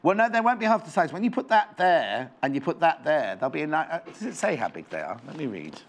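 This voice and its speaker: A chatty man hosts a live TV shopping show from a studio, talking on a clip-on mic. His voice sits fairly high for a man and swoops up and down with lively energy as he fusses over each item he shows. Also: fast, a little hiss or hum. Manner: chatty, bubbly, fussing over items on show. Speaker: shopping channel presenter. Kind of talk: live TV sales chat. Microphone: clip-on microphone.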